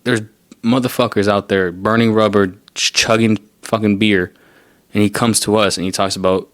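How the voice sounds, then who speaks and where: A young man rants his way through a story on his podcast, swearing freely and sounding fed up. His voice sits on the low side. The sound is dry, with almost no room around it. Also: brisk, no echo. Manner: profane, exasperated storytelling. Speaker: podcast host. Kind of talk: casual ranting monologue.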